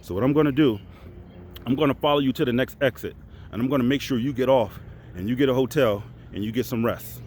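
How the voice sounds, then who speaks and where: A stern male highway patrol officer, as a man puts him on while telling a story, who lays down the law in a firm, measured, lecturing way. The voice sits at an ordinary middle pitch, with a light hiss of noise behind it. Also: darkish tone, lightly acted.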